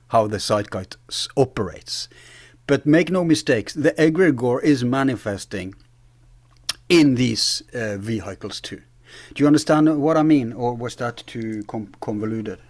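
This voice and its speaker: A man's voice: mid-range voice, measured pace, darkish tone, no room sound. A man as an interview guest, earnestly explaining ideas while searching for his words. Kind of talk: conversational interview.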